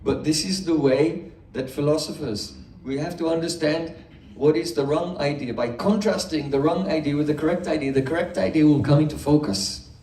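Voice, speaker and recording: A man with a high, mellow voice teaches philosophy to a gathering, explaining each point slowly and asking the room rhetorical questions. He sits some way from the mic, and the room gives his words a roomy echo. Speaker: spiritual teacher. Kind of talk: philosophy lecture. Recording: echoey room, mic far off.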